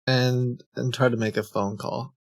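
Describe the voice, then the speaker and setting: A man talks casually on a live stream, wandering between thoughts with ums and false starts as he reads out chat messages. His mid-pitched voice has a gravelly fry to it. The sound is dry and close, with no room around it. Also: little pitch movement, measured pace, dry recording. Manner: rambling, reads chat logs aloud with frequent ums and restarts.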